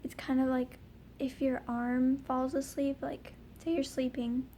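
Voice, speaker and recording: A woman's voice: sits high, little pitch movement, unhurried, dark tone, a little hiss or hum. A young woman telling a personal story in a casual vlog, rambling with lots of ums and likes. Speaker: vlogger.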